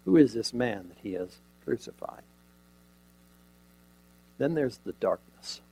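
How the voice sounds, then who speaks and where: A man preaching a sermon, retelling a scene dramatically with rhetorical questions and sudden shifts from loud emphasis to near quiet. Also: mid-range voice, lively intonation, takes it slowly, vocal fry, breathy edge, rough recording.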